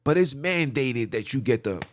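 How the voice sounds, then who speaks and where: With a mid-range voice, lively intonation and a normal pace, a man hosts a podcast and launches into an emphatic, preachy rant built on repeated lists. There's a little background noise.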